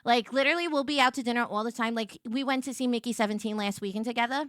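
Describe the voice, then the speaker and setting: A woman's voice: fast talker, no room sound, studio quality. A young adult woman streamer telling a story in rambling casual chat, full of restarts and fillers. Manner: chatty, rambling, many restarts and "like"s; animated, jumps into high voices for quotes.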